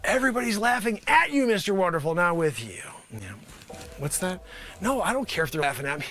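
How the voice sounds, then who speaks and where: A man hosts a live improv comedy show, riffing as an over-the-top pitchman in a high, wildly swooping voice. His delivery is rambling and sarcastic, jumping from shouted bursts to low mutters. The tone is bright and edgy. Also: sing-song, fast. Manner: manic, rambling, sarcastic, swings between loud outbursts and mutters. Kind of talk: improvised comedy bit, pitching a product to investors.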